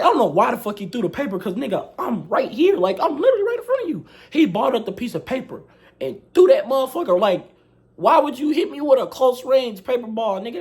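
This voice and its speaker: Young guy telling a storytime, slangy and worked up, kinda high voice. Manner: animated, slangy, profane retelling with acted quotes. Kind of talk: casual storytime.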